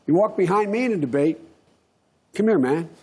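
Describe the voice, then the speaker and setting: A man answering questions in a television interview, assertive and folksy in tone. His voice sits high for a man and is somewhat husky. His pitch moves in a lively way. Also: moderate pace. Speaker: interviewed politician.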